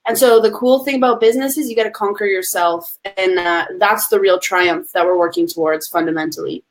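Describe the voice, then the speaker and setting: A woman in her thirties, a business coach talking in a lively, casual way, laughing often and acting out other people's lines. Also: medium pitch, a little fast. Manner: animated, laughing, swears casually, acts out quotes. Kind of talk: casual live-stream interview.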